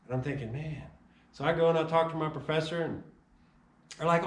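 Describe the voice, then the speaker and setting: Animated man telling his testimony, echoey room. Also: a little high, a little fast, far from the mic. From Chicago. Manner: animated storyteller acting out dialogue. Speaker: testimony speaker. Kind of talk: personal testimony storytelling.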